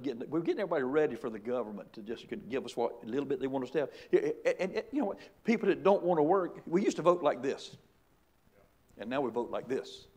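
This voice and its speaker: A middle-aged man preaches a sermon from the pulpit. He drives his points with repeated rhetorical questions and emphatic restarts. His voice sits at an ordinary middle pitch. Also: darkish tone. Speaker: pastor.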